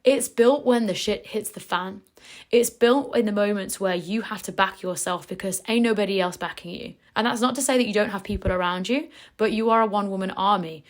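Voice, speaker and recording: A woman hosting a motivational podcast as a business coach, talking emphatically and energetically with casual swearing. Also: medium pitch.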